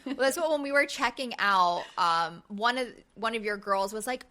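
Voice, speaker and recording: A thirties-aged woman co-hosts a laid-back podcast, recapping a reality show in a fairly high voice at a moderate pace. She's an animated storyteller who acts out voices and swears casually.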